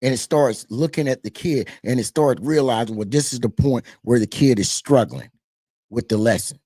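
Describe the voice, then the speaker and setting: Speaking at a moderate pace in a medium-pitched voice, a male political talk show host with a Southern twang addresses his viewers directly. He's animated and preachy, says "y'all," and keeps repeating his points, all in studio quality with no echo.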